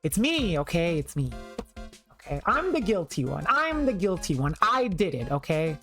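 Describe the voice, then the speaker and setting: A woman's voice: fairly low pitch, big pitch swings, moderate pace, fairly bright tone, soft background music. A young woman streamer chatting casually and joking with her viewers while playing, often repeating herself.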